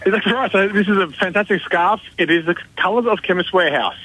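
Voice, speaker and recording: An upbeat man on a radio spot, talking up a shop sale with chatty anecdotes. His voice sits a little higher than most men's. It comes through as a radio broadcast. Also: a bit bright, no echo, rough recording. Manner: upbeat salesy storytelling. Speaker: store manager on radio. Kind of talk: radio promo chat.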